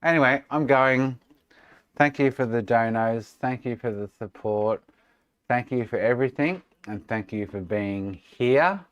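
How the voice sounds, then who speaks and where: Aussie bloke on a stream, sarcastic and sweary, dry close mic. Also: male voice, mid-range voice, a little slow, no echo. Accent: Australian. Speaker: live streamer. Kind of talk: casual chat with viewers. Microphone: desk microphone.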